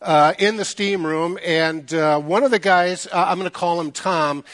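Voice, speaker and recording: A middle-aged pastor with a fairly high voice preaches to his congregation. He keeps it casual and jokey and acts out the voices of people in his stories. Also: normal speed, fairly bright tone. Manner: jokey, conversational, acts out quoted dialogue. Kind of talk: sermon with storytelling. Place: church sanctuary.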